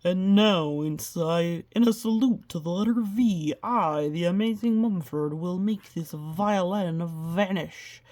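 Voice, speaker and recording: A woman's voice: fairly low pitch, unhurried, hardly any pauses, a little mellow, natural voice. A woman reading the part of a pompous, bungling male stage magician from a children's storybook, in a grand announcing manner. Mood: grandiose.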